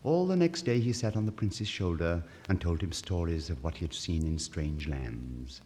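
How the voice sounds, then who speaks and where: A man with a fairly low voice reads a fairy tale aloud, making his pitch rise and fall dramatically. The recording is an old vinyl one with a long hall reverb. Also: normal speed. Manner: expressive, theatrical storytelling. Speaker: narrator. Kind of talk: storybook reading.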